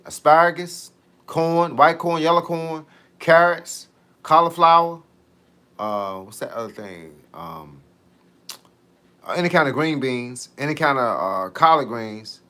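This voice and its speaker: A man's voice: a little high, bright, forceful tone. A man, a fitness coach, chatting casually on a live stream, joking in heavy slang and reading out viewer comments.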